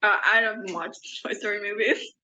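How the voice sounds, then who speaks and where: A woman's voice: medium pitch, steady tone, moderate pace, bright, forceful tone, low-quality recording. A young woman co-hosting a podcast in casual chat, rambling and self-deprecating. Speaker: podcast co-host.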